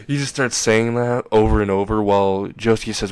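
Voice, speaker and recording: A man's voice: lowish voice, steady tone, moderate pace, hardly any pauses, clear, resonant tone. A young man casually narrating a fan-made anime crossover story, rambling and crude, laughing at his own jokes.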